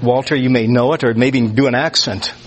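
A man's voice: mid-range voice, steady tone, a little fast. A man preaching a conversational sermon to a group, often restarting his words and rising sharply on key phrases. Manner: conversational, stammers on restarts, rises on emphasis. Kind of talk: sermon teaching. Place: church or class room with listeners.

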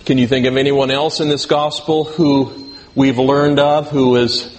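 A male pastor preaches a sermon conversationally, putting questions to the congregation and slipping in dry, self-deprecating humor. His mid-range voice is flat and unhurried. The recording has a long hall reverb and faint background noise.

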